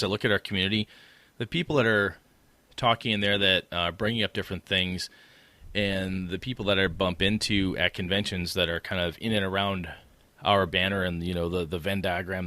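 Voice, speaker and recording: A man's voice: low voice, bright, forceful tone, dry recording. A middle-aged man co-hosting a gaming podcast, talking earnestly and rambling as he retells fan meetings. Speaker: podcast co-host. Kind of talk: casual podcast chat.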